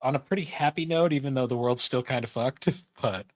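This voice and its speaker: A man's voice: medium pitch, fairly quick, dry recording. A man co-hosting a podcast in casual chat, rambling with many fillers and frequent laughs. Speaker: podcast co-host.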